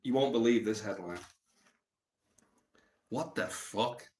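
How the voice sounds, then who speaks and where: A man's voice: mid-range voice, slow, slight background noise. Rambling man on a livestream. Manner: meandering and deadpan, heavy with fillers. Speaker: live streamer. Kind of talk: rambling live-stream chat.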